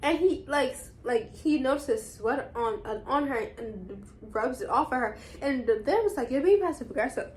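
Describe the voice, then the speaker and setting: A young woman vlogger talks straight to her audience in a loose, rambling way, jumping into side comments as she recaps. Her voice sits a little high, with a faint hiss of noise behind it. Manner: chatty, rambling recap with quick asides. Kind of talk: casual chat.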